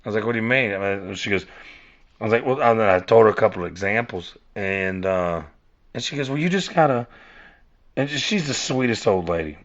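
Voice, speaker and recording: A man's voice: fairly low pitch, fairly quick, fairly bright tone. A man rambling casually through a monologue, cursing and restarting his sentences. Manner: rambling, repeats and restarts, cursing, addresses listeners as y'all. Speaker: podcast host. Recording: dull lo-fi recording.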